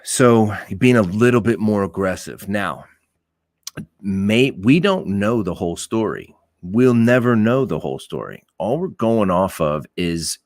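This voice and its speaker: A man's voice: deep voice, dry recording, studio quality. A man, a police officer, giving his blunt, emphatic opinions on a podcast, swearing and repeating points for stress.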